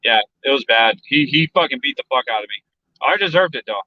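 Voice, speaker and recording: A man's voice: medium pitch, expressive, fairly quick, lo-fi sound. A man from South Texas telling a story in casual chat, blunt and profane, and he acts out the voices of other people. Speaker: podcast guest.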